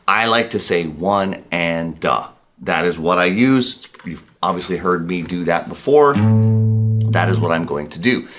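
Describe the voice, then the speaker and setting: Male guitar teacher, low voice, calm and reassuring, counts beats aloud, guitar faint behind. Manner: relaxed, reassuring, repeats himself for emphasis. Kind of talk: guitar lesson.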